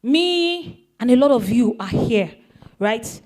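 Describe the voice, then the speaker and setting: A woman's voice: a little high, expressive, takes it slowly, a little mellow. A woman explaining a topic to a young audience in a playful way, often asking them questions. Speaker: speaker teaching young people. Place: event hall.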